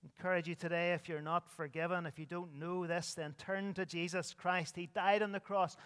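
A man preaches an earnest sermon in a church, his voice swelling and falling for emphasis. His voice sits high and sounds smooth and resonant. A long reverb from the hall trails each phrase. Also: little pitch movement, moderate pace, a bit bright. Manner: earnest preaching with sweeping rises and drops. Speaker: pastor.

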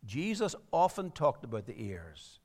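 A man's voice: mid-range voice, big pitch swings, measured pace, a little mellow, slightly rough, long reverb tail. A man preaching a sermon, earnest and rising to emphatic appeals.

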